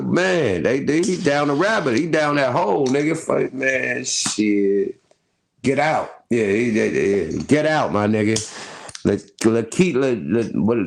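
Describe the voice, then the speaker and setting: Gravelly-voiced man riffing loosely. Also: mid-range voice. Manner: laughing, loose, slangy riffing. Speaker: host. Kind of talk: casual commentary.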